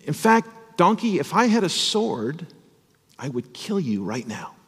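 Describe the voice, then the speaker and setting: Preacher doing an angry old sorcerer yelling at his donkey, swinging up and down, echoey hall. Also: a little high, very animated, unhurried, breathy edge, exaggerated voice. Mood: furious. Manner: angry, threatening. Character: furious ancient male sorcerer threatening his donkey.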